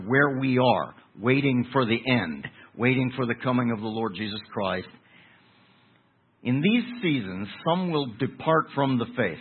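A male preacher with a husky, slightly rough voice gives a verse-by-verse Bible teaching. He explains his words patiently and presses hard on key points. The sound is thin and narrow, as if it came down a phone line. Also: mid-range voice. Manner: methodical, explains Greek words, rises in emphasis.

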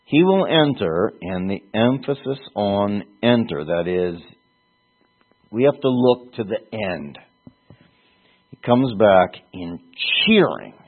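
A man delivers a sermon at an unhurried, deliberate pace, circling back on words to stress them. His low voice is husky, and it comes through thin and tinny, as if over a phone. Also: expressive. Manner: earnest, halting, repeats words for emphasis. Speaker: preacher.

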